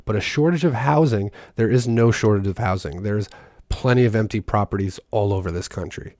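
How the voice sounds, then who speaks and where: Man, low voice, sarcastic commentator, reading an article, dry close sound. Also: brisk, a little mellow, dry recording. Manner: sarcastic, breaks off to mock the text. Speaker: political commentator.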